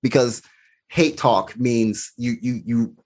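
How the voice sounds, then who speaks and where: A man's voice: medium pitch, slow, darkish tone, slightly rough. Earnest male podcast guest with a mid-range voice, reflective storyteller who acts out dialogue. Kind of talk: personal storytelling in conversation.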